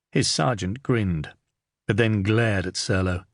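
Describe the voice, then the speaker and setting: Low gravelly male audiobook narrator. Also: no echo, clean studio sound. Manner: steady, measured reading. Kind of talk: scripted narration.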